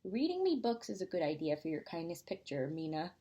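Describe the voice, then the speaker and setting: A woman voicing a friendly younger sibling in a storybook reading, speaking softly. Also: on the low side, big pitch swings, a little fast, highs cut off.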